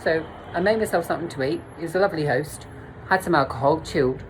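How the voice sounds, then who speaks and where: A woman's voice: sits low, quick pace, slight background noise, low-quality recording. A woman telling a blunt, sweary, self-mocking story to camera as a vlogger. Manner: blunt, sweary, laughs at herself. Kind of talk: candid storytime monologue.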